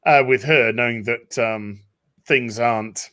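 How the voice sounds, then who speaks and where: A man hosting a casual discussion, animated, acting out quotes. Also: medium pitch, a little slow. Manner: animated, acts out quotes in voices. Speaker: podcast host.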